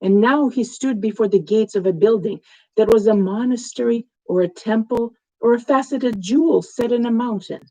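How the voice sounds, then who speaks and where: A woman author reading her own fantasy tale aloud in a slow, measured way. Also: mid-range voice, warm tone, low-quality recording. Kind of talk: storybook narration.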